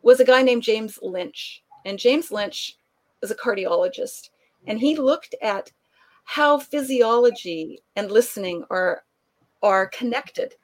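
A woman guest telling a long anecdote in conversation, animated and laughing often, acting out the people she quotes. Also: fairly high pitch, slow pace. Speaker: author and guest. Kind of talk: conversational storytelling.

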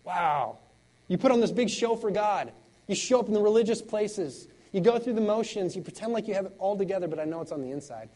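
A man preaching a sermon, swinging between loud exclamations and quiet intensity, with laughing conversational asides. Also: high-pitched, lively intonation, fairly quick, low-quality recording. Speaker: pastor.

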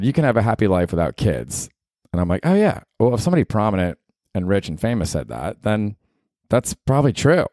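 Podcast host, man, 40s, deep voice, rambling and candid, dry close mic. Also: darkish tone, dry recording. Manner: candid, rambling, swears freely and talks to himself. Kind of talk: solo podcast monologue.

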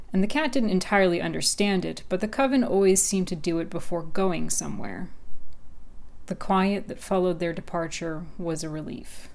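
A woman narrating a story in a calm, even way. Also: lowish voice, vocal fry.

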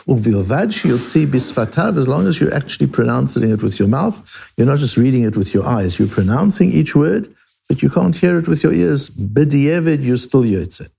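A man with a slightly high, gravelly voice and a dark, mellow tone is teaching a Talmud lesson. He asks questions aloud and then answers them as he explains each step.

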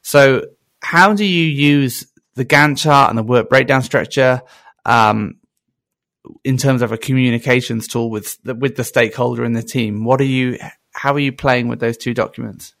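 A man's voice: medium pitch, steady tone, moderate pace, creaky, fairly bright tone, no room sound. A man hosting a casual podcast conversation, musing and thinking aloud with some hesitation. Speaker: podcast host.

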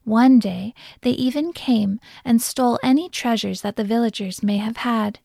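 A woman narrating a children's folk tale in a gentle, expressive storybook reading. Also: a little high, normal speed, gravelly, no echo, studio quality.

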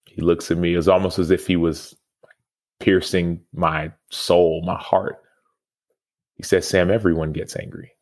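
A man in his thirties speaks with a notably low pitch. He is a podcast guest and former football player, earnest and reflective as he tells a personal story. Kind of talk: storytelling interview answer.

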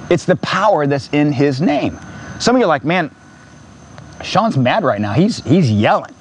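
A man preaching a passionate sermon, his voice sitting a little high and climbing into near-shouts as he hammers repeated lines. He speaks to a congregation in a church. A faint hiss of noise sits under the recording. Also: sing-song, moderate pace. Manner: impassioned, rising to near-shouts, repetitive preaching cadence. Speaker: pastor.

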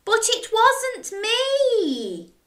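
A woman voicing an eager little boy in a storybook, with a high, drawn-out, pleading delivery. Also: huge pitch swings, a bit bright, exaggerated voice. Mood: protesting. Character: excitable little boy, eager and wide-eyed. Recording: roomy, from a distance.

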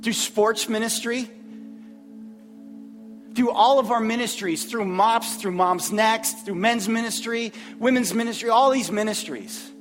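A man preaching a sermon as pastor, earnest, often repeating words and pausing. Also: high-pitched, big-room sound, soft background music. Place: church sanctuary.

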